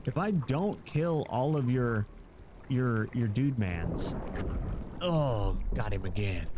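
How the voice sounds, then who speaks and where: A man's voice: medium pitch, takes it slowly, background noise. A man streaming a game live, commenting as he plays, often yelping and exclaiming in surprise. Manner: excitable, yelps and exclaims often.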